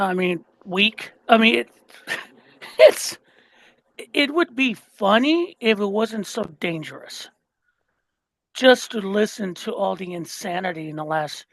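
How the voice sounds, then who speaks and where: A man's voice: high-pitched, fairly bright tone, no echo, low-quality recording. An older man co-hosting a political podcast, ranting with passion and plenty of profanity. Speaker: podcast co-host. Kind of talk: heated political podcast chat.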